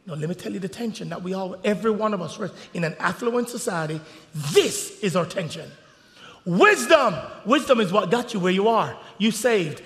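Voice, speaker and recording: A male pastor preaching a sermon, swinging from hushed storytelling to shouted preaching. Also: sits high, gravelly, in a large hall. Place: church sanctuary.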